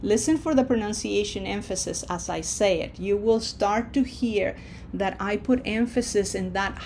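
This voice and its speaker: A woman teaching a pronunciation lesson, drawing out model words slowly and coaxing the learner with questions. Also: medium pitch, darkish tone, slight background noise. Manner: slow, drawn-out model words between explanations. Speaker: Spanish teacher.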